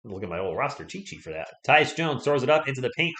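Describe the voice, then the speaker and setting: A man calls a basketball game alone from his home setup, in an ordinary mid-pitched voice. He talks casually, reading viewer messages and thanking them between the plays. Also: big pitch swings, quick pace, fairly bright tone. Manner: chatty, reads chat aloud and thanks viewers between plays. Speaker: live stream play-by-play host. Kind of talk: casual solo play-by-play livestream commentary.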